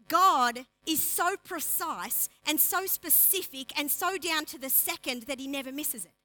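Animated bright-voiced woman preacher. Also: high voice, low-quality recording. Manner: animated, acts out dialogue of story figures; chatty, uses "like" and asides. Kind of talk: sermon with retold scripture.

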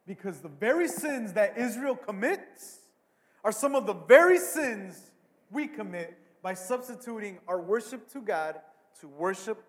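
A male pastor with a high voice delivers a sermon, dropping to near-hushed asides and then surging loud on key words, often repeating himself as he builds a point. His voice carries the long reverb of a large hall. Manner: dynamic preaching, swings between hushed and loud, repeats words.

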